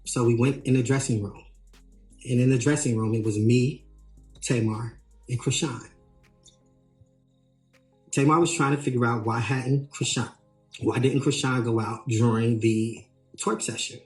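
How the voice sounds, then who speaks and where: A man working as a tour manager tells a story in an animated way, re-enacting what people said with emphatic rises. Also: medium pitch, measured pace, long pauses. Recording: roomy echo, faint music.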